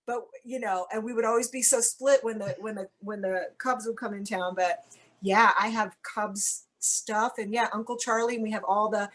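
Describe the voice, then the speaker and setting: A woman's voice: mid-range voice, fairly even intonation, moderate pace, fairly bright tone. A woman from the United States, an actress, chatting as an interview guest in a rambling way, full of "like"s and self-corrections, with wry, blunt humor. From United States (Cincinnati). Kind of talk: casual chat.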